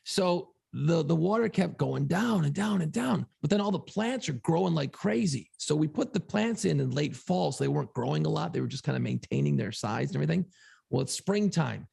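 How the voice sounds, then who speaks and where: A man co-hosting a podcast, telling a long story in a casual, profane, animated way. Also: a little high, brisk, gravelly, breathy edge. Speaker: podcast co-host.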